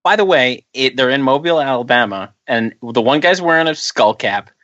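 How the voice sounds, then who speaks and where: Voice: mid-range voice, lively intonation, a little fast, a bit bright, lo-fi sound. A podcast co-host reviewing a movie in casual, profane chat, often sounding incredulous.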